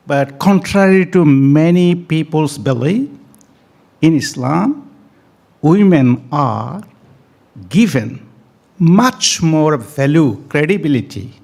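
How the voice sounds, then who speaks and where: A man addresses an event audience, dwelling slowly on each point and leaning into key words. His voice is gravelly and slightly high, and it rises and falls widely as he repeats phrases for emphasis. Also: darkish tone. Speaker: speaker at a family day event. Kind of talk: speech to an audience. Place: event hall.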